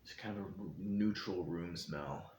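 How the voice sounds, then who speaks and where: A man hosting his own show, giving a calm, meandering explanation while seated indoors. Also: sits low, measured pace. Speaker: host. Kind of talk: casual reflective talk. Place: indoor room, seated in a chair. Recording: echoey room, faint background hiss.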